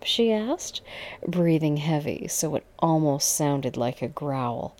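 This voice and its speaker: A woman narrating an erotic audio story in a low, unhurried voice. Her delivery is intimate and close, and it often slips into a breathy whisper. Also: lively intonation, a little mellow.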